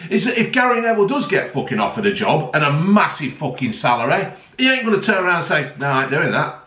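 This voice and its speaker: Heated, sarcastic vlogger ranting with lots of swearing; recorded in an echoey room, set back from the mic. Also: male voice, high voice, fairly bright tone, distant mic. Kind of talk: angry ranting monologue. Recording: roomy, voice a bit off-mic.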